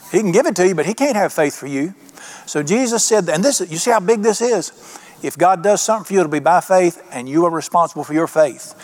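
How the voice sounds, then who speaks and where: A man preaching a sermon in a folksy, conversational way, slowing down for emphasis. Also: high voice, darkish tone. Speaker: pastor.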